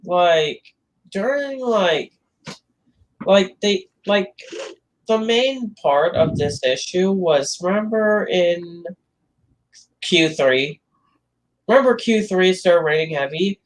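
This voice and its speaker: A man with a high voice speaks slowly as co-host of a casual racing podcast. He talks hesitantly and fills his sentences with "like" as he works through his points. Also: lively intonation, low-quality recording. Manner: hesitant, lots of "like" fillers. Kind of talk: casual motorsport podcast talk.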